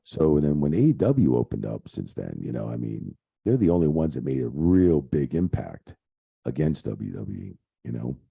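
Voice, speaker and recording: A man's voice: very deep voice, very animated, normal speed, gravelly, warm tone, breathy edge. A middle-aged man, a retired referee, telling rambling stories in a casual interview, full of fillers and swearing. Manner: rambling, profane, lots of fillers. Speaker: guest, retired wrestling referee.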